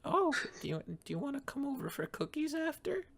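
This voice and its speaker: A man voicing a sweet, flirty mother of a friend in a high sing-song falsetto. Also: very animated, brisk, creaky, fairly bright tone, exaggerated voice.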